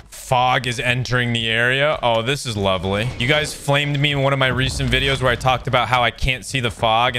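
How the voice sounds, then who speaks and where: A man giving excitable, joking gameplay commentary with sarcastic trash talk while playing a shooter game. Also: mid-range voice, noisy background. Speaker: gaming video creator. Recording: loud game gunfire behind voice.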